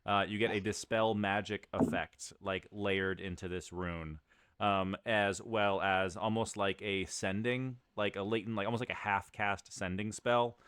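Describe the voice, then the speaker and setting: A man's voice: on the low side, fairly even intonation, measured pace, fairly bright tone, smooth. A man narrating as game master of a tabletop game, talking loosely with lots of fillers.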